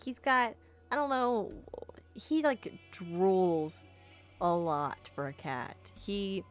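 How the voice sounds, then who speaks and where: A woman's voice: mid-range voice, slow, faint music behind. Bubbly woman doing game commentary. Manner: bubbly, jokey, talks to game characters. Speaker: let's play streamer. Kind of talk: playful gaming commentary.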